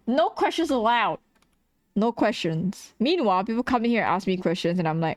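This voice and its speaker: A woman's voice: medium pitch, lively intonation, moderate pace, pauses often, no echo. Blunt chatty woman streamer, dry sound. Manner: chatty and blunt, laughs often, mimics chat questions. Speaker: streamer and artist. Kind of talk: casual livestream chat while drawing.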